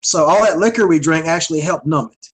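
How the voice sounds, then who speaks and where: A man's voice: a little high, fast talker, husky, rough recording. A man in his forties from North Carolina, a wrestler guest telling a story in casual chat, stammering and repeating words. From North Carolina, USA. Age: 40s.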